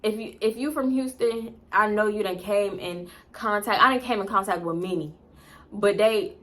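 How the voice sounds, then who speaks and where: A young woman telling a story casually, animated, profane and laughing between asides. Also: mid-range voice, moderate pace. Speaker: storytime vlogger.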